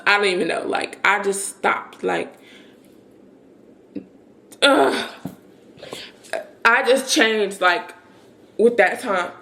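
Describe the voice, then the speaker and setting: A young woman vlogger telling a story in a casual, animated way, with lots of fillers and quoted back-and-forth. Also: a little high, gravelly, a little hiss or hum. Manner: chatty, animated retelling with many fillers and quoted dialogue.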